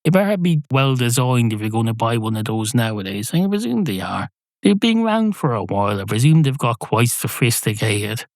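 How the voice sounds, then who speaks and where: A man hosting a podcast, musing in a rambling, deadpan comic monologue. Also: medium pitch, a little fast, no echo. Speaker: podcast host.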